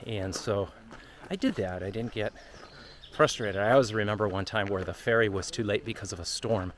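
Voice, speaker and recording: Man, lowish voice, rambling trail vlogger, candid, faint outdoor noise. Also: normal speed. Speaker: vlogger on a long walk. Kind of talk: casual travel vlog talk.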